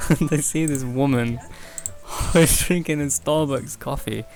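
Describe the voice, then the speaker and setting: A young man hosting a podcast, rambling through an improvised absurd comedy story, often laughing at his own jokes and leaping up in pitch when he quotes people. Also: takes it slowly, darkish tone, faint music behind. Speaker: podcast host.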